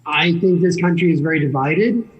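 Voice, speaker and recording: A man disagreeing in casual political chat, halting with restarts. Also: on the high side. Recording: dull lo-fi recording.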